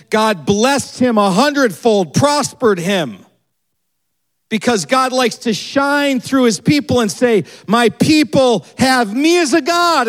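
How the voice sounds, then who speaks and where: A man preaching a sermon, retelling a story and acting out its people with quick changes in his voice. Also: high-pitched. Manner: animated, acts out the people in the story with quick shifts in voice. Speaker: pastor.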